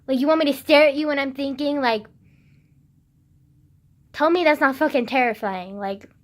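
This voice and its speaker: High-voiced young woman, rambling vlog. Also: moderate pace. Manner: rambling, self-mocking, swears often, fillers everywhere. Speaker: vlogger. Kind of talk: rambling casual monologue.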